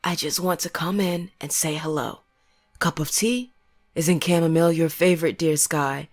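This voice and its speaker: A woman's voice: deep voice, moderate pace, no room sound, clean studio sound. A woman voicing a desperate, ghostly father figure with a falsely pleasant, menacing manner. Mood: falsely sweet. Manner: falsely pleasant, then accusing.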